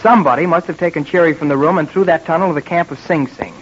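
An actor playing a plucky, eager teenage boy adventurer in an earnest, excitable 1940s radio drama style. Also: fairly high pitch, fast, slightly rough. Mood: determined. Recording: dull old radio recording with faint hiss.

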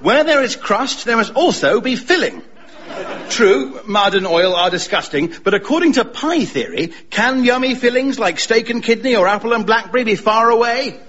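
A chirpy, daft posh friend. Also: male voice, very high voice, expressive, moderate pace, a bit bright, lo-fi sound. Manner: chirpy, enthusiastic. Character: cheerful, dim-witted posh friend.

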